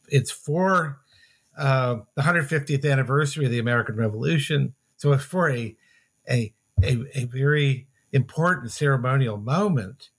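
Male author guest, mid-pitched voice, measured and halting, thinks aloud with frequent pauses. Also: husky. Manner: halting, with many pauses and restarts. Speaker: author being interviewed. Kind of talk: thoughtful interview answers.

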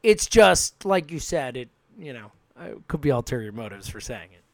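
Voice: medium pitch, normal speed, dry recording. Emphatic, laughing sports podcast co-host. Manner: emphatic and animated, laughs easily. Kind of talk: casual sports podcast chat.

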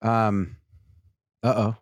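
A man co-hosting a podcast, reacting to his partner's story with quick, casual interjections. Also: on the low side, flat delivery, dry recording. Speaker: podcast co-host. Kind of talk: casual chat.

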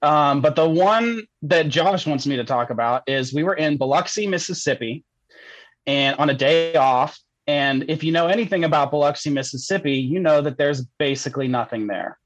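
A man's voice: on the high side, normal speed, no room sound, low-quality recording. A young man telling a story as a podcast guest, casual and rambling, laughing often and saying "like" a lot.

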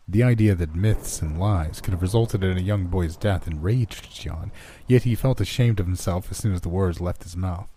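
Deep, husky male horror narrator. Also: moderate pace, dark tone.

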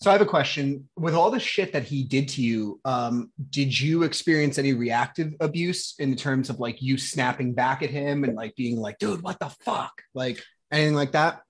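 A woman's voice: extremely low pitch, moderate pace, hardly any pauses, breathy edge. A woman podcast host asking questions bluntly and casually, swearing freely. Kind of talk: casual interview.

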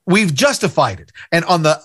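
A man hosting a casual podcast conversation, who repeats his points and drops in quick agreements. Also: on the high side, lively intonation, fairly bright tone, husky. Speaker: podcast host.

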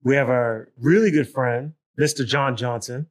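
A man's voice: mid-range voice, fairly even intonation, normal speed. A man hosting a casual podcast chat in an easygoing, rambling way. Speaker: podcast host.

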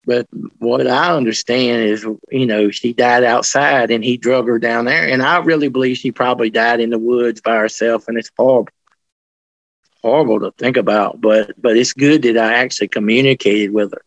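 A man telling ghost stories in an interview, rambling and restarting his sentences, animated as he tells them. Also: medium pitch, moderate pace, dry recording, highs cut off. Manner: rambling, with many restarts and colloquial grammar. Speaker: interviewee, paranormal investigator. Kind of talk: casual storytelling interview.

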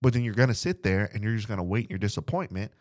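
Emphatic low-voiced man preaching casually. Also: expressive, rapid-fire, no room sound, studio quality. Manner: conversational, repetitive and emphatic, addresses "guys". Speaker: Bible study podcast host. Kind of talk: informal preaching.

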